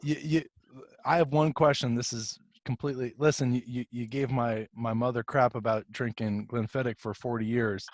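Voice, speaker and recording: A man's voice: medium pitch, steady tone, moderate pace, no echo. A man hosting a casual video chat, teasing guests and laughing a lot. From North Carolina, US.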